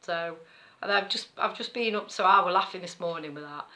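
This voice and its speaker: A middle-aged knitting vlogger with an East Midlands English accent chats casually and ramblingly, laughing often as she tells a story. Her voice is lowish, a little fast, pushed and bright.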